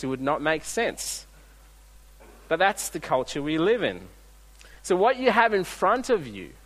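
A man preaching a sermon in a relaxed, storytelling way, often restarting his sentences. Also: a little high. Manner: conversational, storytelling with frequent restarts. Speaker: pastor. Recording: long reverb of a large hall.

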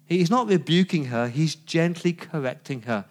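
Male pastor, conversational sermon, rhetorical questions, voice a bit high. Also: lively intonation, normal speed, hardly any pauses, a little mellow.

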